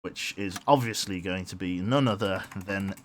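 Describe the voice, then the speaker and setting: Speaking at a normal speed in a low-sitting voice, a man streams a submarine game live, rambling and humming as he mulls over his crew and reads chat messages aloud. A little hiss or hum sits in the background.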